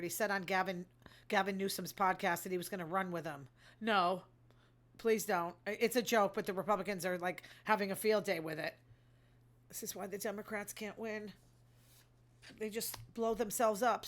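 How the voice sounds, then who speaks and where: A woman's voice: mid-range voice, a bit bright. A woman hosting her own show, reacting to news stories with casual, sarcastic commentary and frequent sighs; she calls herself emotional. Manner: sarcastic, quick to react and complain; sighs often between stories.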